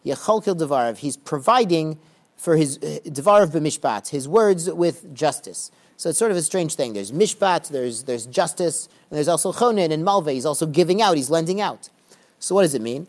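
A man teaching a Talmud class, reading Aramaic phrases slowly and explaining them in casual English with dry joking asides. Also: fairly high pitch, lively intonation.

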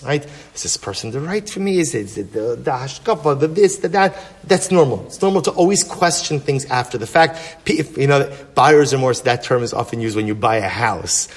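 A man, a rabbi, teaching a Torah class with animated rhetorical questions and storytelling. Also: mid-range voice.

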